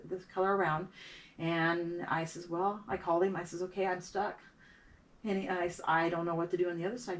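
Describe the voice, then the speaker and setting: A middle-aged woman who does beadwork tells her story in a relaxed interview, her voice on the low side. She halts and repeats words while acting out what other people said, and she sits a bit far from the microphone.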